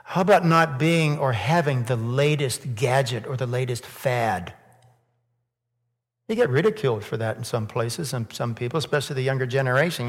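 A man preaching a sermon in church, asking rhetorical questions and building to loud, emphatic peaks. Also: medium pitch, lively intonation, normal speed. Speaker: pastor. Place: church sanctuary. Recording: long hall reverb.

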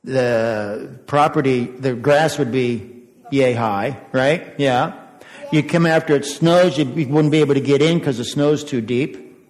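A man's voice: mid-range voice, measured pace, a little mellow. An older man giving a children's sermon as pastor, chatty, asking the kids questions and chuckling often. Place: church sanctuary. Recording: echoey church sanctuary.

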